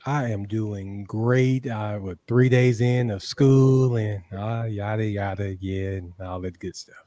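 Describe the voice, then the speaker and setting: A man co-hosting a casual podcast, speaking in a relaxed, low-key way. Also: takes it slowly. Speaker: co-host. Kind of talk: casual chat.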